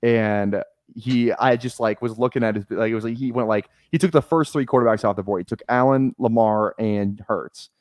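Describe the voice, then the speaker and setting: A man's voice: on the low side, normal speed, few pauses. A young man hosting a fantasy football stream, chatting casually and rambling with restarts and fillers. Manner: rambling, filler-heavy storytelling with frequent restarts. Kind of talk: casual chat while drafting.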